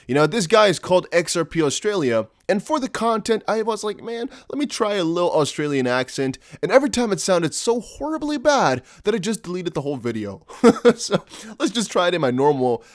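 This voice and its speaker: Animated, chatty crypto vlogger man. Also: high voice, a little fast, no room sound, clean studio sound. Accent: American-ish. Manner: chatty, rambling, jokey asides. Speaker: crypto YouTuber. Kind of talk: casual crypto vlog.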